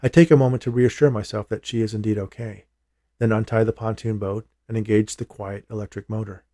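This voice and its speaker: Male audiobook narrator, low and warm, measured thriller read, dry close mic. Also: steady tone, no echo. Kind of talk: scripted first-person thriller narration.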